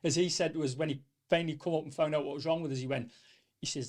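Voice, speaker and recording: A man's voice: a little high, fast talker. Chatty North East English man. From North East England. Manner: rambling, animated storytelling with quoted dialogue. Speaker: small business owner, podcast guest. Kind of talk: casual storytelling interview.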